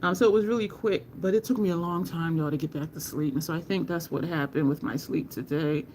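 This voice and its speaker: A woman hosting a makeup livestream from home, talking slowly and rambling while she greets viewers from the chat. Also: low-pitched, a little mellow, a little hiss or hum.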